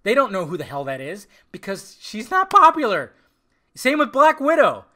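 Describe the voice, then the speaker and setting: A man's voice: sits high, wildly swooping pitch, normal speed, pushed and bright. A man hosting a podcast, ranting casually, heated and profane, repeating himself often. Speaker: podcast host. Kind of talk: casual rant.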